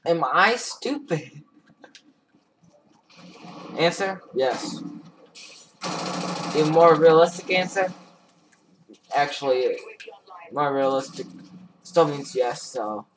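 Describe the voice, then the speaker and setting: A man's voice: on the high side, lively intonation, extremely slow, pauses often, fairly bright tone, slight background noise. A man giving casual gameplay commentary in a goofy, rambling, self-mocking way. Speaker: gaming YouTuber.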